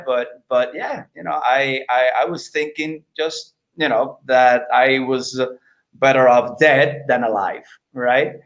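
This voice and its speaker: A middle-aged man speaking as an interview guest, earnest and halting, often repeating words as he searches for them. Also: mid-range voice, highs cut off. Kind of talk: candid personal interview.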